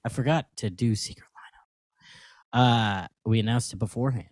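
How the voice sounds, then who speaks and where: A man's voice: medium pitch, a little fast, no room sound, studio quality. A young man in his twenties co-hosting a podcast, telling stories in casual banter and laughing often. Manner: animated storytelling, laughs often. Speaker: podcast co-host.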